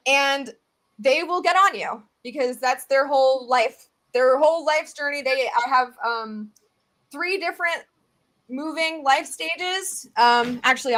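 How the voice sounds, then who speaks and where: A Southern US woman talks in a bright, high voice. She chats in a casual video podcast, animated and eager, often breaking into quick asides as she explains. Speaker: guest tick researcher.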